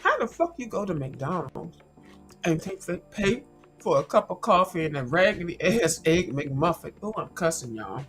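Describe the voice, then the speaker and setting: Crunching snacks into her mic, a livestream host chats casually at a normal speed in a lowish, very animated voice. She's sassy and blunt and cusses freely, and the rough recording has faint music behind it.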